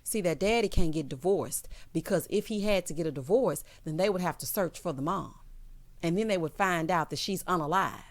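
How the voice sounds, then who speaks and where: A woman hosting a reality TV recap, telling it like a story with sassy, animated commentary and acted-out quotes. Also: lowish voice, brisk. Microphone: voice-over without camera.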